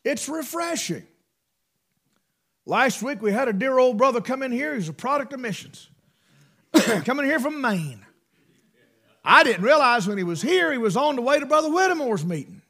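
A middle-aged man preaching a sermon, fervent, swinging between loud bursts and hushed asides. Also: very high-pitched, big pitch swings, moderate pace, pauses often.

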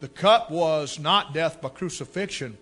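A man preaching a sermon with fervor, his voice climbing into shouts. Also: on the high side, measured pace, soft background music. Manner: fervent, rising to shouts.

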